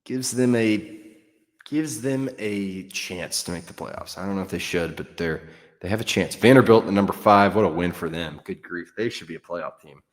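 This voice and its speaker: Deep-voiced man hosting casual sports talk. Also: normal speed, in a large hall. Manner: frank, offhand, with fillers and mild cursing. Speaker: sports podcast host. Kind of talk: casual solo sports commentary.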